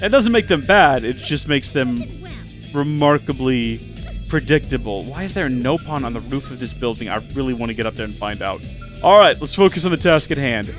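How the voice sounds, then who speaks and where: A man's voice: medium pitch, animated, brisk, fairly bright tone, faint music behind. A man casually commenting on a video game with wry, chatty asides. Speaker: let's play host.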